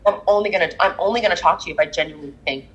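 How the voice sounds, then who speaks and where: A husky-voiced woman talks quickly into a podcast mic. She tells stories with animated, venting energy in a casual back-and-forth chat. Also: fairly low pitch, dull audio.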